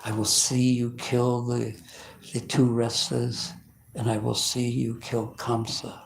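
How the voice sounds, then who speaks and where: A man voicing an old sage who speaks solemnly and quietly in glorification. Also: medium pitch, monotone, takes it slowly, creaky, a little hiss or hum. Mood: reverent. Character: reverent old male sage glorifying God.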